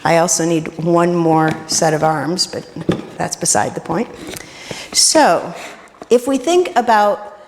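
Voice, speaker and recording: Middle-aged woman preaching a sermon, kinda playful, fairly low voice, big echoey church hall. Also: takes it slowly, slight background noise. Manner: playful, joking asides. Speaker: minister. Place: church sanctuary during worship. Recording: long reverb of a large hall.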